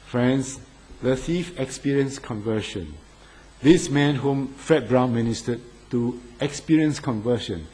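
A man delivers a sermon to his congregation in a husky voice. He talks earnestly and presses his listeners with pleading appeals. His pitch sits in a plain middle range. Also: darkish tone, poor audio. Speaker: preacher.

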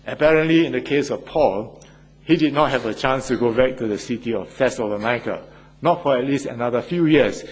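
Older male pastor, husky delivery, earnest sermon style with frequent asides. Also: medium pitch, expressive, moderate pace, rough recording.

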